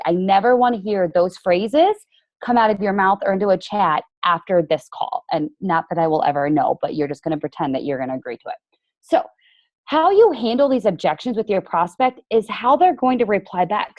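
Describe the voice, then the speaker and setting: A woman's voice: mid-range voice, expressive, brisk, darkish tone, no room sound, muffled recording. Sarcastic woman coach talking to her team on a call, lots of "like", mid voice, dry sound. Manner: chatty and emphatic, heavy on "like". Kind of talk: motivational team training call.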